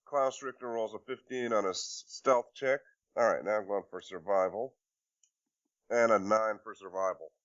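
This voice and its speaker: A man's voice: fairly low pitch, fairly even intonation, moderate pace, a bit bright, dull audio. A man playing in a tabletop game, chatty and laughing. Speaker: player. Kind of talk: casual tabletop play.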